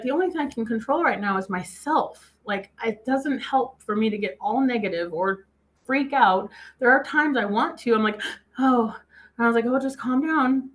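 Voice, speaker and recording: A woman giving a motivational talk, telling a personal story in a chatty way and quoting herself often. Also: fairly high pitch. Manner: laughs easily. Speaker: speaker.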